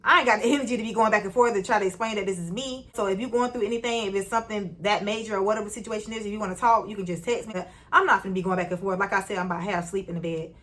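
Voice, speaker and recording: A young woman vlogger telling a personal story in a chatty, slangy way, speaking straight to her viewers and jumping up in pitch when she acts out greetings. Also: rapid-fire, hardly any pauses. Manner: lively, jumps high when retelling greetings. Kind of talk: casual storytime.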